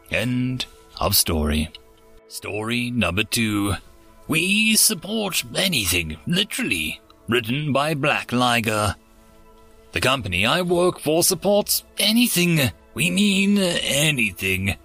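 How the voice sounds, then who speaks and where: A man reading science-fiction short stories aloud in an expressive narration. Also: medium pitch, slow pace, soft background music. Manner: expressive storytelling read. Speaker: story narrator. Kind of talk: scripted narration.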